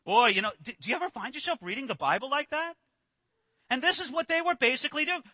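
Male pastor, very high bright voice, dry close sound, dramatic sermon delivery with big loud-soft swings. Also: expressive, a little fast, dry recording. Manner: dramatic swings from shouting to near-whisper; acts out quoted voices with emphasis.

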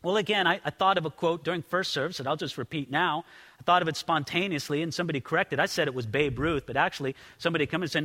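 High, bright-voiced pastor in a hall. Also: male voice, fast. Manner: earnest, repeats words when starting sentences. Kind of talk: sermon. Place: church sanctuary. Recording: long reverb of a large hall.

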